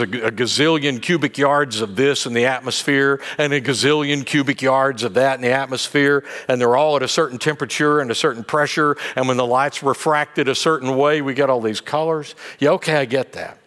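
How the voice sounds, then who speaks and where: A middle-aged man, a pastor, preaching a sermon in a conversational, animated way with light humor. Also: medium pitch.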